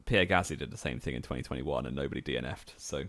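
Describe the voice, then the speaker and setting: A man with a very low voice co-hosting a casual podcast chat. He states firm opinions steadily and laughs easily. The sound is dry and close, with no room around it. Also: fast, a bit bright, no room sound. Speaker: podcast co-host.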